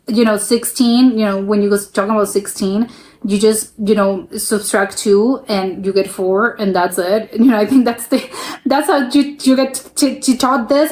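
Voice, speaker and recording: A chatty young woman from the US talks through a reaction video in a casual, unscripted way. Her voice sits a little high, and her thoughts wander and double back before she finds the point. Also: a little mellow. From United States. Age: young adult. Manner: rambling, self-interrupting, laughs often.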